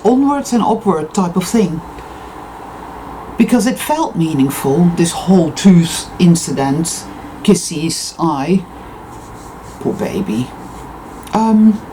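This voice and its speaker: Lively, mellow-voiced woman speaking emphatically. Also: fairly low pitch, a little hiss or hum, poor audio. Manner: emphatic, intense and profane self-affirmation. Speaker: spiritual vlogger. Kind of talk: unscripted personal monologue.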